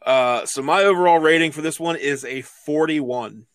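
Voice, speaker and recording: A man in casual conversation, speaking a bit higher than most men. He rambles with little laughs, and the room sound is dry and close. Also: normal speed, dry recording. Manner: rambling, laughing while retelling. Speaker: podcast co-host. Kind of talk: casual chat.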